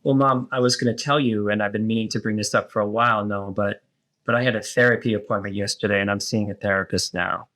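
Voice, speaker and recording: A man voicing an adult child who calmly and firmly confronts their mother in a therapeutic role-play. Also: on the low side, quick pace, natural voice. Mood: hesitant. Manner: earnest, steady, firm about boundaries.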